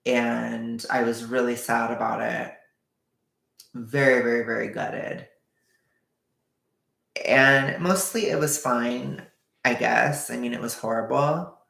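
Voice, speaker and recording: Man, storytime vlogger, gravelly fry in his voice, echoey room, candid and emotional. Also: mid-range voice, steady tone, slow, pauses often, bright, forceful tone. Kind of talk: storytime vlog.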